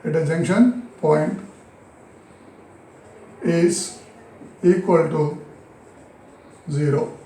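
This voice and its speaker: High-voiced Indian English physics teacher. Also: male voice, warm tone, reverberant, slight background noise, low-quality recording. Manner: repeats key phrases slowly, asks and answers own questions. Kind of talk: recorded classroom lesson.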